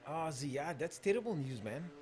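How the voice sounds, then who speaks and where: A man's voice: on the high side, animated, normal speed, a little mellow, a little hiss or hum. A young man with a South African accent hosting a casual live stream of drag racing, calling the races and chatting through viewer comments.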